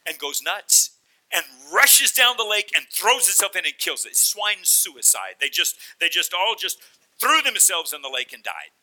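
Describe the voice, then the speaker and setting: A man preaching a sermon, telling the story in an animated way and acting out the voices as he goes. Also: sits high, moderate pace, rough recording. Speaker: pastor.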